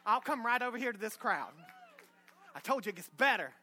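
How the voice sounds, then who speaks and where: A middle-aged man preaching a sermon in a church, energetic and humorous, at times rising to a shout. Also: very high voice, brisk. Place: church sanctuary.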